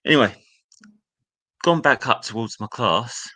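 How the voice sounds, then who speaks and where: Sharing candid stories from his school days as a guest, a young man relives old memories and now and then puts on a teacher's sneer. His medium-pitched voice is pushed and bright, with lively intonation and a measured pace.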